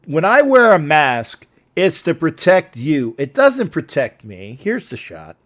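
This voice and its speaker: A man's voice: on the high side, wildly swooping pitch, measured pace. An older man hosting a sports show, rambling and joking with callers in a casual live-stream chat.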